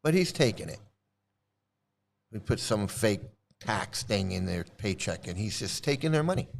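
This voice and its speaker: A man's voice: on the low side, big pitch swings, moderate pace, gravelly. Mocking, rambling male commentator. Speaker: online commentator. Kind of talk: critical commentary rant.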